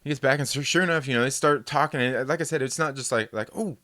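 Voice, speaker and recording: A man telling a story in a loose, casual chat, with a voice of middling pitch. He rambles, restarts and swears freely, and slips into quick put-on voices for the people he quotes. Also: pushed and bright, no room sound, studio quality. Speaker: host.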